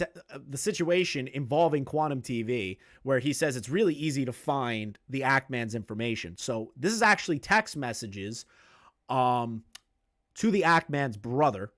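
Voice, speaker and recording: A man talks on a live stream with an angry, emphatic edge. He curses freely and repeats himself to drive his points home. He reads messages aloud, then tears into them. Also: mid-range voice. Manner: heated, profane and repetitive, hammering points home. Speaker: streamer commenting on online drama.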